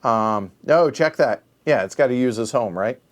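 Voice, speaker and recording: A middle-aged board game show host plays a solo board game, muttering counts under his breath and correcting himself as he thinks. His voice is medium-pitched and expressive, at a normal speed.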